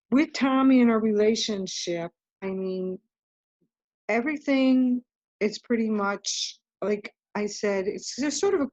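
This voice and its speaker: A woman's voice: medium pitch, a little mellow, dry recording. A woman guest telling her story in an interview, earnest and rambling, often breaking off and restarting. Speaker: guest author. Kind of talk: casual interview talk. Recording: dull, muffled lo-fi audio.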